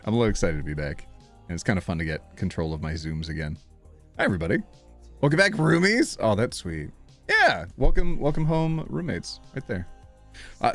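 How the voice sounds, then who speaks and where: Excitable man, lively, swooping voice. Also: fairly low pitch. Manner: excitable, chatty, laughs often and squeals with delight. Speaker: livestream host. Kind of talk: casual live-stream chat. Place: home office.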